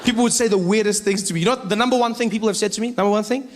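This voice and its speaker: A man with a South African accent performing stand-up comedy with animated storytelling. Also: high voice, very fast.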